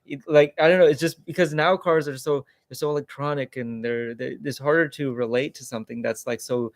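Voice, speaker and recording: A man with a mid-range voice muses out loud on a livestream, hesitant and reflective, often stopping to search for words. The sound is dry, with no room echo. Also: medium pitch, steady tone, brisk. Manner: thoughtful, hesitant, many fillers. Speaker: co-host. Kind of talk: casual livestream Q&A chat.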